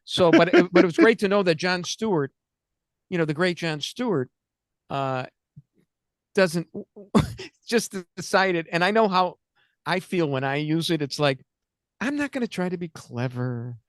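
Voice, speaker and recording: A sing-song, high-pitched man in his sixties talks unhurriedly as host of a comedic political radio talk show. He rambles and jokes, interrupting himself, recorded on a studio mic with no echo.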